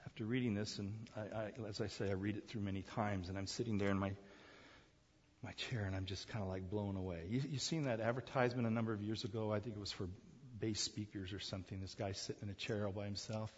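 A man preaching a sermon, telling the story in an animated way, acting out the crowd's voices and laughing often. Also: lowish voice, fast, breathy edge, long reverb tail, highs cut off.

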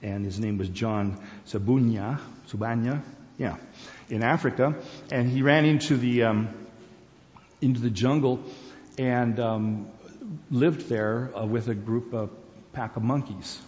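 A man's voice: mid-range voice, unhurried, a little mellow. Man talking in a reverberant hall. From Korea, Borneo and Singapore. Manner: rambling, conversational, with many fillers and restarts. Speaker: speaker. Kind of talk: informal personal talk. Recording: dull sound with long hall reverb.

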